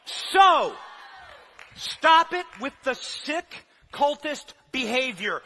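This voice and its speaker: A young man on stage, speaking to a large hall with a very high, piercingly bright voice. He fires off short, punchy lines and can sink into earnest, quieter speech. A faint crowd murmur sits in the background. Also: very animated, drawn-out words, a little hiss or hum. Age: young adult. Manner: shouting, punchy, swinging to quiet earnest talk. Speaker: rally speaker.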